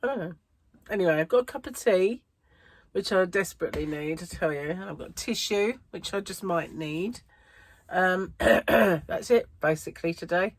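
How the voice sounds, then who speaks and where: A woman's voice: lowish voice, moderate pace, dry recording. Chatty woman, rambling and laughing. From United Kingdom. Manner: rambling, chatty, laughs often, many "you know"s. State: a bit out of breath. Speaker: crochet vlogger. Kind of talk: casual chat to camera.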